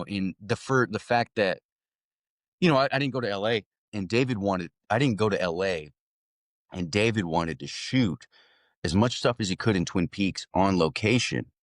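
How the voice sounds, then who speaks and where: A man's voice: lowish voice, moderate pace, no echo, clean studio sound. A young adult man, an actor guest, telling a story casually and animatedly, laughing often and restarting sentences.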